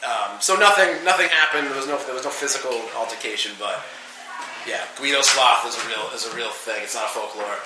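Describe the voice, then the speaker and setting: A man's voice: medium pitch, fairly quick, echoey room, noisy background. Man telling a profane bar story. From New England. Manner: animated, profane, acts out quotes. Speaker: podcast guest. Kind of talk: casual storytelling.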